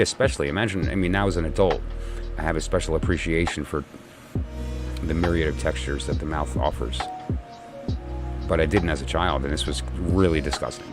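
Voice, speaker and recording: Man, middle-aged, very low voice, tarot reader, rambling reflective storytelling, music in the background. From New York. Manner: meandering, many restarts and fillers, conversational. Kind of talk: reflective spoken monologue with a personal story.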